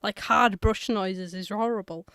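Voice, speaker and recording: A woman's voice: medium pitch, unhurried, a bit bright, clean tone, dry recording, studio quality. A woman chatting casually on a livestream, hesitant and giggly with many fillers. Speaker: co-host.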